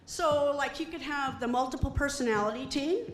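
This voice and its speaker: A middle-aged woman performing a stand-up comedy set, animated and acting out quoted voices. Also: high-pitched, normal speed, reverberant. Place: comedy stage before an audience.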